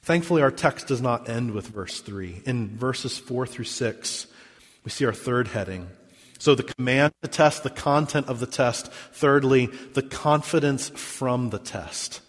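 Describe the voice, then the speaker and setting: A man preaching a sermon as pastor, reading scripture and stressing key words, with sharp swings between loud emphasis and quiet drops. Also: a little slow, long reverb tail. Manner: emphatic preaching with big swings in pitch and volume.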